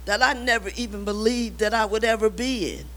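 A woman's voice: a little high, fairly quick, fairly bright tone, rough recording. An older woman giving an emotional church testimony, emphatic and repeating key lines to urge her listeners.

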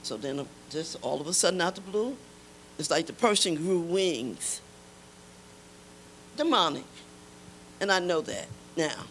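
A woman's voice: lowish voice, slight background noise, poor audio. An older woman giving an emotional church testimony, emphatic and repeating key lines to urge her listeners.

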